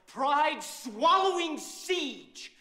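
An actor playing a desperate, striving male sports agent who talks earnestly and pushes himself into yelling, in a film scene. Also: extremely high pitch, animated, drawn-out words, full character voice. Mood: pleading. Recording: roomy film audio with music.

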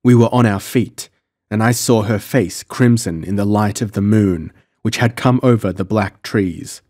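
A man narrating a pulp adventure audiobook in the first person, measured and dramatic. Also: fairly low pitch, darkish tone, no room sound, studio quality.

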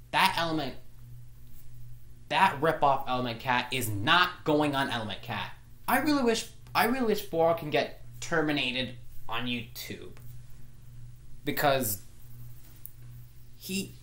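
Woman with a low, unhurried voice, ranting in frustration with stumbles and restarts, recorded in an echoey room. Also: very animated, a bit bright. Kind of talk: angry vlog rant.

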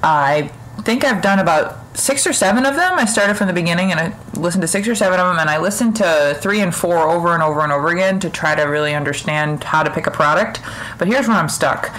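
A woman's voice: lowish voice, lively intonation, fast, fairly bright tone, a little hiss or hum, low-quality recording. A young woman, a college student, leaving a rambling, hesitant question with many fillers and restarts. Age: young adult. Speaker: caller. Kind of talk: recorded voicemail question.

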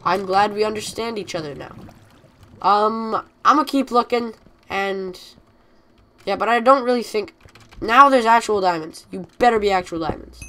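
A woman giving let's play commentary, chatty and excitable, scolding the game and its mobs aloud. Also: medium pitch, moderate pace, slight background noise. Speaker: gamer.

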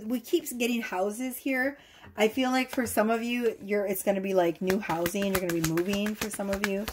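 Excitable woman doing a tarot reading. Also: mid-range voice, slight background noise. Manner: gushing, excitable, swears casually. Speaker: tarot reader. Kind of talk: casual tarot reading to camera.

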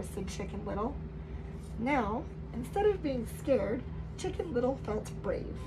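A woman reading a children's story aloud at a camp, expressive with loud dramatic outbursts. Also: fairly high pitch, normal speed, noisy background.

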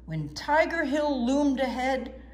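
A woman reading a children's storybook aloud in an expressive, sing-song way. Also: sits high, slow. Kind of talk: children's book read-aloud.

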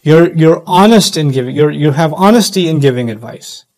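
A middle-aged man giving a sermon-style lecture, animated, acting out quoted voices as he teaches. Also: on the high side, normal speed, low-quality recording. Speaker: Islamic speaker.

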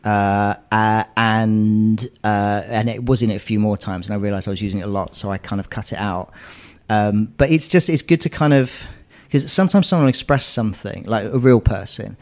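A screenwriter being interviewed, chatting casually and telling animated stories with frequent restarts. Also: male voice, on the low side, normal speed. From England. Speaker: screenwriter guest. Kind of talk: conversational interview.

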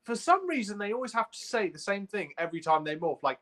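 A man's voice: high voice, very animated, quick pace, a bit bright. A man co-hosting a casual podcast chat, exasperated, firing rhetorical questions and laughing often. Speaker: podcast co-host.

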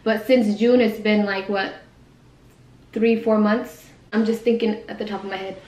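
A young vlogger eats and chats in a casual mukbang from a quiet room at home. Her medium-pitched voice is darkish with fairly even intonation, captured in a roomy, low-quality recording. She rambles, corrects herself as she goes, and says she talks fast.

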